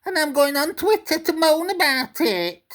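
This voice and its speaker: A woman mimicking a self-pitying male pundit as a crybaby, in a high, sobbing, mocking whine. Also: very animated, moderate pace. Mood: whining.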